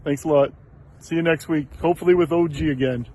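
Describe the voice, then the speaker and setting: A man's voice: fairly high pitch, fairly even intonation, brisk, mellow, rough recording. A man, a hiker, giving an easygoing, slightly hesitant update outdoors.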